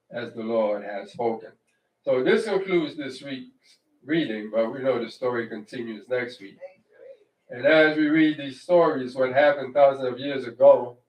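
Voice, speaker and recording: A man delivers a relaxed, conversational sermon at an unhurried, deliberate pace. He often checks in with his listeners and restarts his phrases as he thinks aloud. The voice sits back from the mic in a roomy, echoing congregation hall. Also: mid-range voice. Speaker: congregation teacher. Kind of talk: informal Torah-portion sermon. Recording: echoey room, distant mic.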